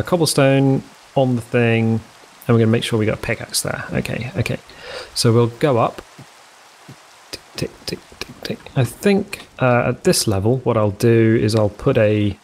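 A man's voice: medium pitch, poor audio. A man giving casual gameplay commentary, thinking aloud, counting blocks and making self-mocking asides. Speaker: let's play host.

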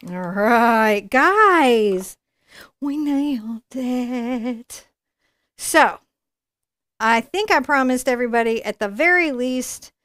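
A woman's voice: fairly high pitch, fairly bright tone, no room sound, clean studio sound. A woman giving a live painting tutorial, chatting and encouraging as she works and thinking aloud. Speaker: painting instructor.

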